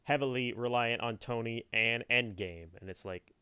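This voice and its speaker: A man's voice: medium pitch, moderate pace, pushed and bright, smooth, dry recording. A young man co-hosting a podcast, talking through his opinions at length in a casual chat. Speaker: podcast co-host.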